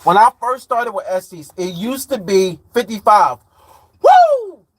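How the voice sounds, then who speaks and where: A Chicago man in his forties, a truck driver who livestreams, chats loosely and reads viewer comments aloud in slangy, rambling talk. His voice is high and a bit bright, and he keeps a moderate pace.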